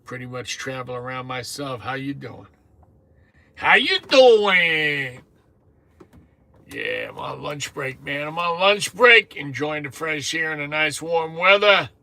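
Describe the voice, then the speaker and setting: Chatty fifties man with a bright voice. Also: fairly high pitch, steady tone, normal speed, few pauses. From New Jersey. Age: 50s. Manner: chatty, greets viewers by name, swears casually. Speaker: truck driver livestream host. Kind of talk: casual live chat. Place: truck cab on lunch break.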